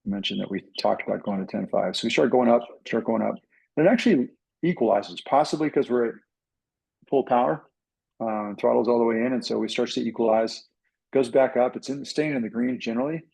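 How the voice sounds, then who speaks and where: Gravelly man telling a flying story. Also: mid-range voice, fairly quick, rough recording. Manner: animated storytelling, acts out radio calls. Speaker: pilot and flight instructor. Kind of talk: casual talk to a pilots' club.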